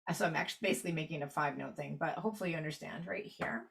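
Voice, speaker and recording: A woman's voice: deep voice, very fast, vocal fry, a little hiss or hum. A woman teaching a clarinet workshop online, explaining practice rhythms step by step while annotating sheet music. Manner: explanatory, walks through steps while annotating.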